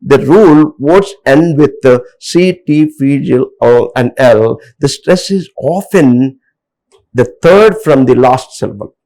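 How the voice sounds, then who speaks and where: A man's voice: medium pitch, dark tone, rough recording. A man from India teaching an English lesson, explaining rules step by step with frequent fillers and restarts. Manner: hesitant, many fillers, explains over slides. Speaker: English lecturer. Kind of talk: classroom lecture on word stress.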